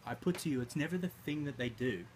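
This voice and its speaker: A man's voice: medium pitch, animated, fast talker, a little mellow. A male life coach in a motivational talk. He tells a story and addresses listeners directly. His voice sits mid-range, and faint background noise runs underneath.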